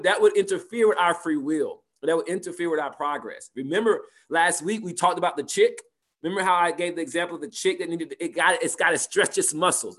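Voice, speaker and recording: A man teaching a spiritual class and answering participants' questions, talking conversationally, repeating phrases and asking "right?". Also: fairly high pitch.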